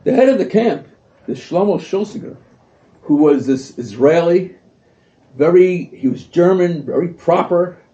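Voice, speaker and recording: A man giving an animated storytelling speech at a community event, acting out what people said. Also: high voice, unhurried. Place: event hall. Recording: distant echoey lo-fi livestream audio.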